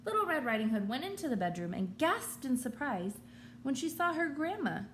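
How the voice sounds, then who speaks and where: A woman teacher reads a children's story aloud with an expressive, storytelling delivery. Her voice is lively, rising and falling as she tells the tale. A faint hum of room sound sits in the background. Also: high-pitched, brisk.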